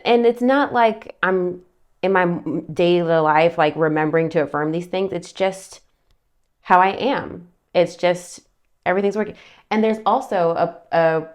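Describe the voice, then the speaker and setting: A woman's voice: fairly low pitch, darkish tone. Chatty woman rambling through a tarot forecast. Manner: chatty, rambling, self-interrupting with asides. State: slightly out of breath. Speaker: tarot reader. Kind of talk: casual monthly tarot forecast vlog.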